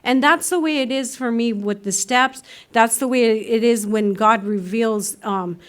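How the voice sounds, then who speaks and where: A woman speaking at a recovery meeting, telling her story in a lively way, acting out voices and laughing often. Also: fairly high pitch, unhurried. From United States. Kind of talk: personal recovery talk. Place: meeting room.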